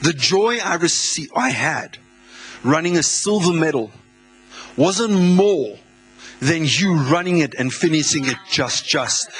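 A man from South Africa, a visiting pastor, preaching a sermon in a church, excitable, laughing often and repeating words. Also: fairly high pitch, measured pace, faint music behind. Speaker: guest pastor.

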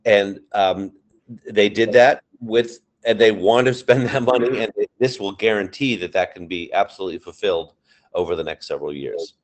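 A man's voice: lowish voice, moderate pace. A man answering interview questions as an education union advocate, earnest, with frequent fillers and restarts.

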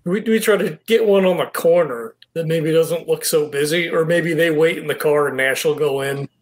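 A man's voice: fairly high pitch, moderate pace. A man playing a tabletop role-playing game, talking casually with swearing and hesitant fillers. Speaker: player.

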